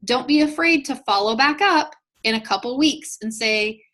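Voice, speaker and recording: Speaking at a normal speed in a high, fairly bright voice, this woman runs a live online business session as a network marketing trainer. She's chatty and upbeat, encouraging the audience she addresses directly.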